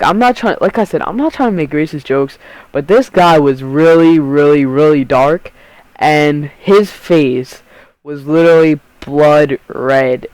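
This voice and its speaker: A teenage boy with a fairly high voice, telling a casual storytime vlog. He rambles and swears freely, and he keeps restarting his sentences. The sound is dry and close. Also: no room sound, low-quality recording. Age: teens. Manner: rambling, profane, self-interrupting. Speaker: YouTube storyteller.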